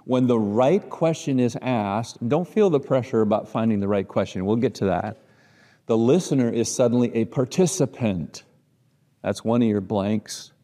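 Warm Midwestern man teaching a church class. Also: mid-range voice, normal speed, long reverb tail. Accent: Midwestern American. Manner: conversational, rhetorical questions, frequent restarts.

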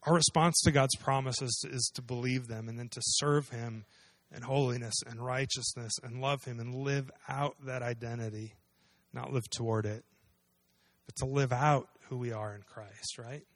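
A man's voice: medium pitch, steady tone, normal speed, no echo. A man preaching a sermon, explaining a scripture passage in a conversational way and asking his listeners questions. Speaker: pastor.

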